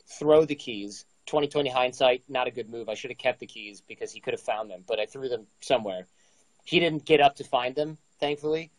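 A man's voice: mid-range voice, no room sound, poor audio. A man in his forties casually telling a story, acting out the dialogue with energy. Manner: animated, acts out dialogue. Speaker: guest storyteller.

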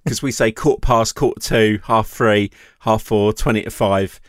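A man's voice: on the low side, fairly even intonation, moderate pace, no room sound, clean studio sound. A man co-hosting a podcast, teasing and joking in casual chat.

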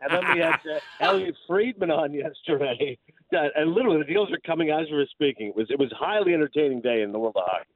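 A man's voice: fairly high pitch, quick pace, crowd noise. A male sports broadcaster calling in to a radio show, telling stories with lots of laughs. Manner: animated storyteller, laughs often. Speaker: hockey broadcaster and guest. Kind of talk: phone-in radio interview. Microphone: phone line. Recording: phone-line audio.

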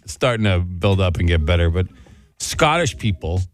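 A man's voice: low-pitched, animated, normal speed. A man co-hosting a radio morning show, telling stories in easy studio banter and laughing often. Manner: chatty storyteller, laughs easily.

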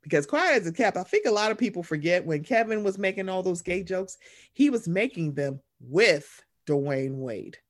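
A man hosting a casual chat, animated and sarcastic, swearing freely and slipping into mocking voices. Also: high-pitched, moderate pace.

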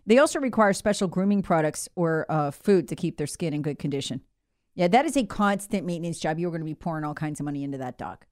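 A woman's voice: sits low, animated, quick pace, darkish tone. A woman hosting a talk radio show, delivering an opinionated monologue in a sarcastic, indignant, mocking manner.

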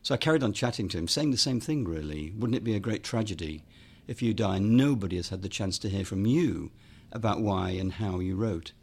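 A man with a fairly low voice tells a long anecdote as a podcast guest. He talks in a relaxed way, with frequent ums, and voices the people he quotes. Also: a little fast, creaky, few pauses, slightly rough. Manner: relaxed, lots of ums, acts out quoted dialogue. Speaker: guest filmmaker and author. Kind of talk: anecdotal storytelling interview.

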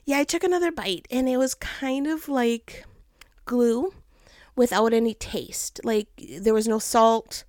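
A mother telling a casual personal story with a life lesson, animated and laughing often as she acts out what people said. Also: a little high, unhurried, no room sound, studio quality.

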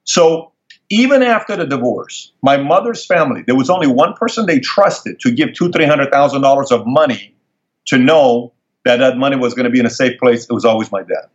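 A man's voice: mid-range voice, animated, brisk. Intense, emphatic male guest with a mid-range voice, telling personal stories on a dull lo-fi recording. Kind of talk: emotional personal storytelling. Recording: dull lo-fi sound.

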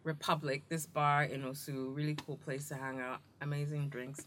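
A woman hosting a podcast, telling a story in a casual, animated and indignant way, acting out the dialogue. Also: low-pitched, normal speed, a little hiss or hum. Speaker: podcast host.

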